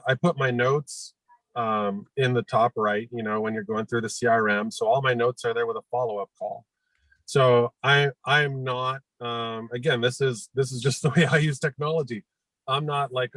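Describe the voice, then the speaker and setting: A man's voice: mid-range voice, fairly bright tone, no room sound, rough recording. Man talking straight, dry close sound. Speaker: real estate agent guest. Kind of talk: casual panel chat.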